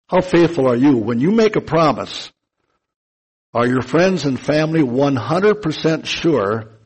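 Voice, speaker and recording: Slow, husky-voiced man preaching. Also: mid-range voice, low-quality recording. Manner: slow and deliberate, stretching key words for emphasis. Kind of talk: sermon.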